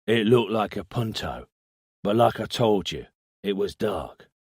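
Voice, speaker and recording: A man's voice: fairly low pitch, lively intonation, unhurried, husky, no room sound, studio quality, heavily acted. A man voicing a crude, smug small-time crook who tells police his story hesitantly and bargains for a deal. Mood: sullen. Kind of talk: audiobook character voice.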